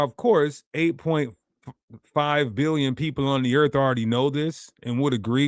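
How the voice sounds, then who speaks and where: A man's voice: mid-range voice, no room sound, clean studio sound. A man teaching a ministry presentation in an emphatic, rhetorical way, talking straight to his viewers.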